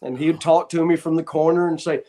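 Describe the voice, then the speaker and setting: A man with a drawl tells animated stories in a somewhat higher-than-usual voice. He speaks casually as an interview guest and plays out the lines of people in his stories. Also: brisk. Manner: animated anecdotes, acting out what others said. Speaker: guest, former wrestler and referee. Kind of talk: casual storytelling.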